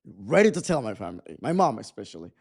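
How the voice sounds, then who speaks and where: A Mexican man in his 20s, a photographer appearing as a guest in a casual interview, tells a personal story with animation and acts out the dialogue of the people involved. His voice is fairly low, fast, creaky, and has a breathy edge.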